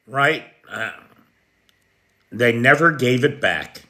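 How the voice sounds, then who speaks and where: Bright-voiced American man hosting a livestream. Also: mid-range voice, expressive, a little slow. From United States. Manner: chatty, talks directly to viewers by name, clears throat often. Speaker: livestream news host. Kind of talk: casual live chat reading viewer comments.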